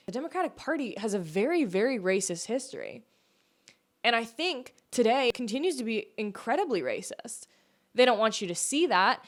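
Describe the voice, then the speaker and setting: Packed with rhetorical questions, this political monologue comes from a fairly high-pitched American woman who hosts a podcast. She argues her opinions forcefully and emphatically.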